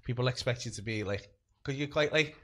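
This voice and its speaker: A man's voice: medium pitch, a little fast. A man hosting a casual chat, teasing his guest and laughing easily. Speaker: comedy podcast host.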